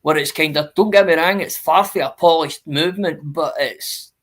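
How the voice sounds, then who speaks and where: A man's voice: on the high side, normal speed, a bit bright. A man, a guest on a casual live-stream chat, earnest and swearing, calling people mate.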